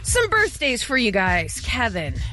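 A woman's voice: a little high, a little slow, soft background music. A woman co-hosting a radio show, telling stories in casual, playful banter. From Southern California. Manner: chatty storyteller, lively and playful. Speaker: radio co-host.

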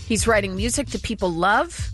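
Lively woman radio host. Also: medium pitch, normal speed, soft background music. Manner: lively, teasing, reads entertainment news. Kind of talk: morning radio banter.

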